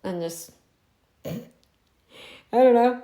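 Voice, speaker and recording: A woman's voice: a little high, warm tone. A woman vlogger talking to camera in a casual, insistent way, repeating herself for emphasis. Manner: insistent and repetitive, drawn-out emphatic phrasing.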